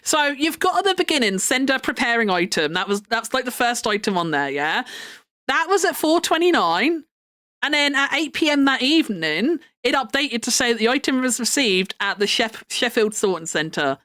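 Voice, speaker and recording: A young woman rambles casually to her stream chat. Her fairly high voice swings lively up and down as she talks. She laughs often between her thoughts. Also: moderate pace.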